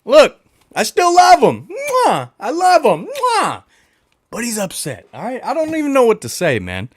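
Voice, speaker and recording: A man hosting a casual livestream chat, talking to his viewers in a playful, animated way. He blows kisses into the mic, repeats lines for emphasis and refers to himself in the third person. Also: extremely high pitch, normal speed, no room sound, studio quality. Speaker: livestream host.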